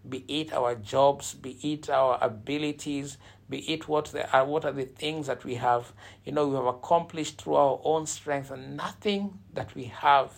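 A man's voice: a little high, creaky. A man preaching a sermon, retelling a Bible passage and explaining it in a teaching tone, with frequent fillers and restarts.

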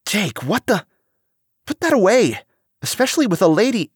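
A cheerful young charmer with a lively, lifted voice, as a male narrator puts him on. He sounds friendly and eager, with a swinging melody, recorded close and dry. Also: medium pitch, moderate pace, dry recording, pitched above the performer's own voice, natural voice. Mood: alarmed.

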